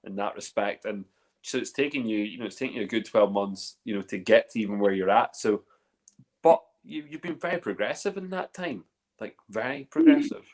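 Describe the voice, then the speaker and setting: Chatty low-voiced male host. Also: fairly quick. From Northern Ireland. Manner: chatty, excitable, stumbling over names. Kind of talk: casual livestream chat.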